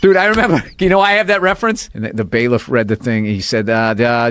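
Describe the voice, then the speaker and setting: A man's voice: medium pitch, fast, few pauses, fairly bright tone, clean tone, no room sound, studio quality. A man chatting casually, telling profane stories and laughing through them. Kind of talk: casual chat.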